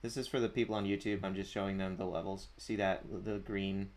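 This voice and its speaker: A man's voice: deep voice, little pitch movement, brisk, a little mellow. A man hosting a casual livestream, chatting and reading out viewer comments with a chuckle. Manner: chatty, chuckling, reads usernames aloud. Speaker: livestream host. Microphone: desk mic at a streaming setup.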